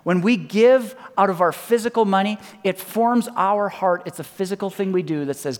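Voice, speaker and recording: A man preaching a sermon as pastor, emphatic, repeating key lines and dropping to soft, quiet endings. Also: sits high, moderate pace, few pauses. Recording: long reverb of a large hall.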